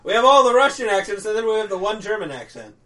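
A goofy podcast guest in casual chat, loudly shouting jokes. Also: medium pitch, very animated, fast, far from the mic, heavy background noise.

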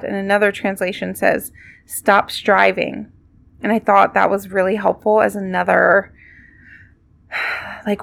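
Speaking in a creaky, mid-range voice, a woman hosts a podcast and offers an informal devotional reflection. Her delivery is conversational and full of fillers.

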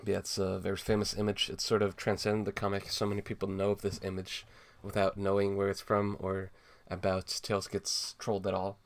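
A man's voice: low-pitched, completely flat delivery, fairly quick, hardly any pauses. A young man chatting casually as a podcast co-host, reading and riffing on a comic, swearing freely. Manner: laid-back, swears a lot, many fillers.

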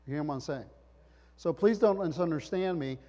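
A man's voice: on the high side, normal speed, dark tone. A middle-aged man, a pastor, preaching a sermon with emphatic rising bursts and rhetorical questions. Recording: long hall reverb.

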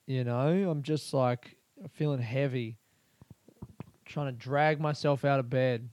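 A man's voice: mid-range voice, fairly even intonation, slow pace, darkish tone. An Australian man hosting a casual solo podcast from a small bedroom, rambling, swearing freely and laughing often. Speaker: podcast host.

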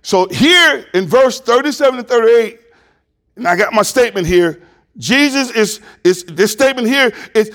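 A man preaching a sermon as pastor, reading scripture aloud and rising louder and higher to stress his points. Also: lively intonation, moderate pace.

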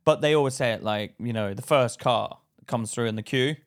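A man co-hosting a podcast, telling rants in an animated, profane way in casual chat. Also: mid-range voice, a little fast. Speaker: podcast co-host.

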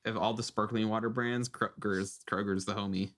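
Bright-voiced joking male co-host. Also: lowish voice, fairly even intonation, moderate pace. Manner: joking, wry asides. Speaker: podcast co-host. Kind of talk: casual podcast chat.

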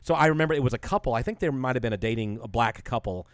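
A man's voice: mid-range voice, lively intonation, very fast, clean tone, no room sound. Laid-back man chatting casually. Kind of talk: casual chat.

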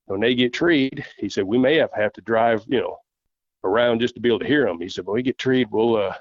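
A Southern U.S. man, a podcast guest, tells a long story in a casual, folksy way, acting out the voices of the people in it. His medium-pitched voice moves fairly quickly, and the audio is dull, lo-fi and dry.

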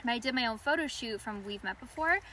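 Bright-toned woman in her 30s chatting away as the interview guest, a bit of background hum. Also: fairly high pitch, quick pace, far from the mic. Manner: chatty, animated storyteller. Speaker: cosplayer guest. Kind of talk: casual interview chat.

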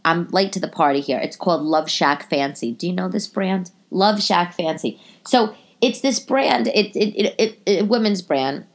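Woman, podcast host, casual rambling chat, stuffy nose, lowish pitch. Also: expressive, normal speed, few pauses. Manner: chatty, rambling, goes off on tangents. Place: her apartment.

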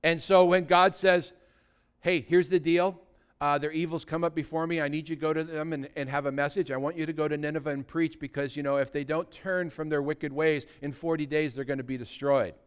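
A man preaching a sermon, telling a scripture story with lively asides and acted-out quotes. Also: fairly high pitch, fairly quick, hardly any pauses, clean tone. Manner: animated storytelling, acting out quotes. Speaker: pastor.

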